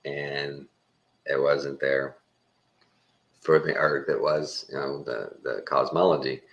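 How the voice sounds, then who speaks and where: A man's voice: very deep voice, little pitch movement, slow pace, vocal fry, a bit bright, dull audio. A Texan man talking in a rambling, casual monologue, chuckling and mimicking other people's voices as he goes. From Texas. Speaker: channel host.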